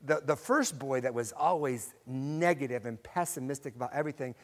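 Animated man teaching Sunday school. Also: medium pitch, fairly quick. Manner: animated storyteller, repeats key phrases, asks class to read along. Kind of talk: Sunday school lesson with storytelling.

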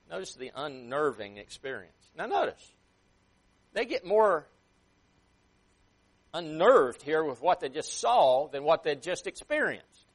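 A man preaching a sermon with emphatic swings in loudness and pace, sometimes acting out a parent scolding a child. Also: on the high side, lively intonation, moderate pace, creaky. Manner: emphatic, rising and dropping sharply for effect.

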